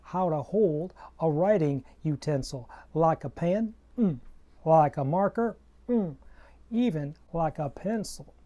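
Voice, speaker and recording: A man's voice: fairly high pitch, expressive, takes it slowly, warm tone. A man putting on a put-on cowboy drawl, playing a cheerful cowboy greeting preschoolers with hearty folksy calls.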